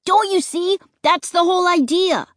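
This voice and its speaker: Woman doing an excited, thrill-seeking boy. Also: normal speed, dry recording, studio quality, close to an everyday voice. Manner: eager, high and loud.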